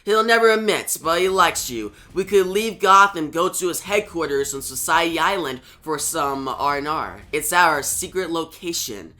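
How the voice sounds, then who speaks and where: A man's voice: on the high side, expressive, moderate pace, hardly any pauses, bright, forceful tone. A man voicing a sardonic young female mercenary, reading her mocking lines fairly plainly. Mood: teasing.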